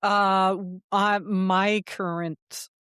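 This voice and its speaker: A woman co-hosting a gaming podcast in casual chat, blunt and animated, swearing freely as she tells stories. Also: medium pitch, extremely slow, clear, resonant tone, no echo, clean studio sound. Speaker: podcast co-host.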